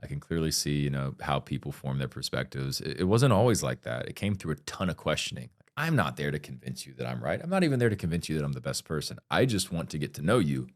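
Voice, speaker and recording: Low-voiced fast-talking blunt man. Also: big pitch swings, no echo, studio quality. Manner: blunt and candid, swears freely; earnest, emphatic. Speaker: podcast guest. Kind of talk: casual interview talk.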